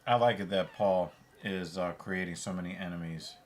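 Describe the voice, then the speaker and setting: A man's voice: low-pitched, moderate pace. A man co-hosting a casual watch-party chat, blunt and offhand, swearing casually. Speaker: co-host.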